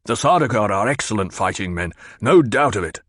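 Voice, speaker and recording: A man's voice: lowish voice, animated, fairly quick, a bit bright, slightly rough, dry recording, studio quality. A man voicing a fat, pompous and petulant old baron who blusters and demands answers. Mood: blustering.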